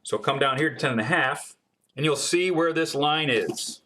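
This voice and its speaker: A man's voice: fairly high pitch, moderate pace, bright, forceful tone. A man answering chat questions and demonstrating guitar building in a casual livestream, chatty and full of ums. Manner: chatty, many ums, reads questions aloud.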